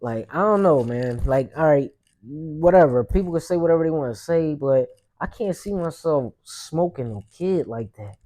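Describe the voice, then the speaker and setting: A man's voice: a little high, expressive, normal speed, mellow. A young adult man, a podcast host, telling a personal story in a loose, rambling way with street slang and lots of fillers. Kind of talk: casual storytelling monologue.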